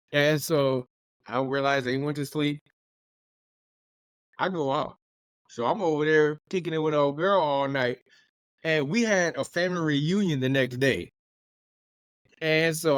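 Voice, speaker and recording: Young guy on a podcast telling a story, aave, laughing, kinda high voice, dry close mic. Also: smooth, dry recording. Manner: animated, laughs while telling stories, acts out quoted voices. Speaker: podcast co-host. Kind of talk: casual storytelling.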